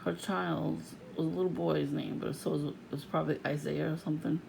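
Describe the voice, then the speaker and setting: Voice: mid-range voice, steady tone, fairly quick, vocal fry, noisy background. An adult vlogger venting in a casual, profane rant to the camera, laughing often.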